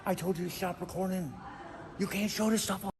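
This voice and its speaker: A man doing a dopey brash fat guy, high-pitched. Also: fairly quick, vocal fry. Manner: dopey put-on voice, goofy deadpan jokes. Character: loud dim-witted fat man, brash and oblivious. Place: outdoors at a museum.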